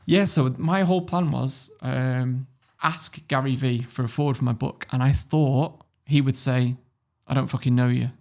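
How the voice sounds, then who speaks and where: A man with a British English accent, a podcast guest telling a story in a blunt, sweary and animated way. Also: medium pitch, measured pace, hardly any pauses. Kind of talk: casual storytelling.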